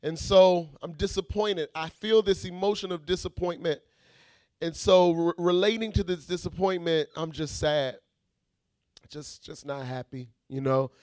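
Preacher man, high voice, dry close sound, shouted prayer and quiet teaching, calls out to the congregation. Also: fairly even intonation, measured pace, dry recording. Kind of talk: sermon.

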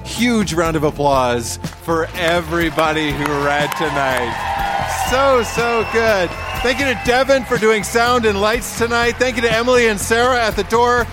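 Male host, fairly high voice, loud closing thanks, music playing behind. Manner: loud, calling out thanks to the crowd. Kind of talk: live show sign-off. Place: theatre stage.

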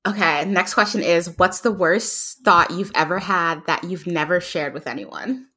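A young woman co-hosting a podcast chats casually and tells a story, laughing often. Her voice is on the low side yet bright and forceful, and she speaks a little slowly.

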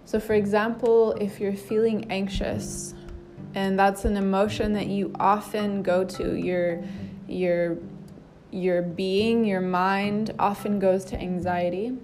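A woman yoga teacher speaking gently and calmly in a reflective monologue, with an occasional restart. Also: mid-range voice, slow pace, over music.

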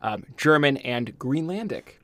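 Man, podcast host, casual chat, jokey, mid-pitched voice, dry close sound. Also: animated, a little slow, fairly bright tone, no room sound. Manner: jokey, laughs at own stumbles.

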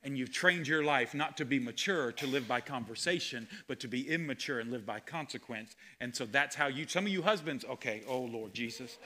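A man preaching a sermon as pastor, animated, with sudden loud exclamations. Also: mid-range voice, brisk, hardly any pauses.

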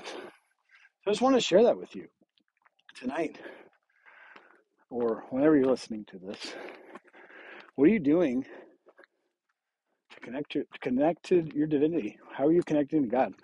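A man's voice: a little high, gravelly, mellow, husky, dry recording, poor audio. A man hosting a podcast, talking outdoors at night while walking hills with a weighted vest, out of breath, earnest and rambling with restarts. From Oregon. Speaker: podcast host. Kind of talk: motivational faith talk.

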